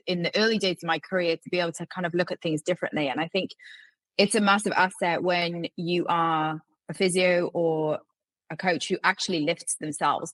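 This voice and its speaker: A woman's voice: fairly low pitch, fairly bright tone, dry recording, low-quality recording. A woman in her forties, a health consultant speaking as a podcast guest in a direct, frank way and laughing easily. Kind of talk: conversational interview.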